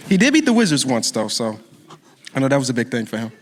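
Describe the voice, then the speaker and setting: A man co-hosting a live podcast, chatting in a relaxed, teasing way. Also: medium pitch, fairly quick. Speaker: podcast co-host. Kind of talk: casual chat on a live podcast.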